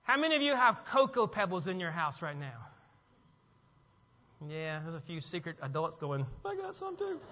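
A man's voice: a little high, moderate pace, pauses often, pushed and bright. A man preaching a sermon as a pastor, emphatic, repeating phrases and asking the congregation questions. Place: church sanctuary. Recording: long hall reverb, dull sound.

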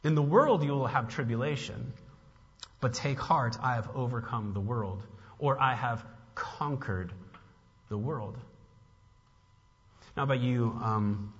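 Man preaching in an echoing hall. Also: medium pitch. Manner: conversational preaching with fillers and restarts. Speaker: pastor. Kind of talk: sermon. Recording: dull sound with long hall reverb.

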